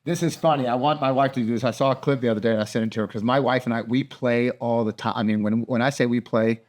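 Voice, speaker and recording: A middle-aged man co-hosting a podcast in casual chat, telling lively stories and acting out other people's voices. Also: medium pitch, fast talker. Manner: animated storyteller, acts out voices. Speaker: podcast co-host.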